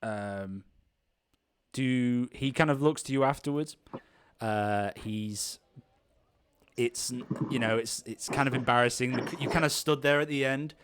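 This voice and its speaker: A man's voice: medium pitch, measured pace, a bit bright, smooth. A man running an improvised tabletop game, narrating in a rambling way full of ums and kind-ofs. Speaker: game master.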